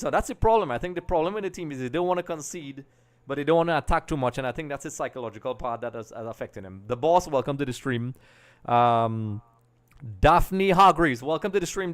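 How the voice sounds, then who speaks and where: With a clean, mid-range voice, this Trinidad and Tobago man hosts a live stream for watching football together. He keeps it casual, saying hello to viewers and reading their comments aloud.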